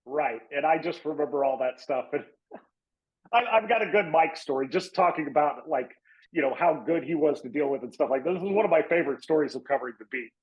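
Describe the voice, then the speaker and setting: A man tells a sports anecdote in a lively, chatty way, stumbling over restarts and breaking into laughter. His voice sits a little high. The audio is muffled and lo-fi. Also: quick pace. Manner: animated, laughing anecdote-teller with many restarts. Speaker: sportswriter, weekly guest. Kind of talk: casual podcast storytelling.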